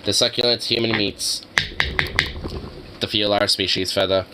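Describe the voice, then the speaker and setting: A man voicing a scheming alien overlord in a flat, robotic monotone. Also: lowish voice, background noise, close to an everyday voice. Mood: deadpan scheming. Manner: flat, deadpan, unhurried.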